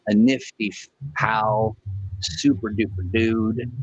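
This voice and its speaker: A man's voice: on the low side, fairly even intonation, slow pace, slightly rough, no echo, lo-fi sound. A man co-hosting a livestream chat show, joking and reading chat messages aloud. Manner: jokey, reads chat aloud. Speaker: co-host. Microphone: remote call.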